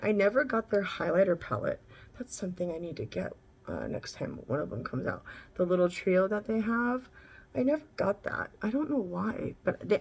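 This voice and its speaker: A woman's voice: lowish voice, vocal fry, a little hiss or hum. A woman vlogger chatting casually through a makeup tutorial, candid and rambling, swearing now and then.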